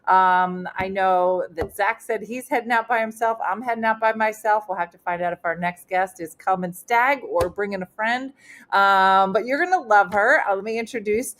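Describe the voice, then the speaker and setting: A woman's voice: mid-range voice, normal speed, fairly bright tone. A middle-aged woman, a comedian hosting a casual online chat show, telling stories with lots of fillers. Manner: chatty storyteller with many fillers. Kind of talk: casual live-stream chat.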